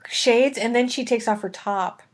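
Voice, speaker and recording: Woman with a fairly high voice, chatting. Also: normal speed. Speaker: podcast co-host. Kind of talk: casual chat.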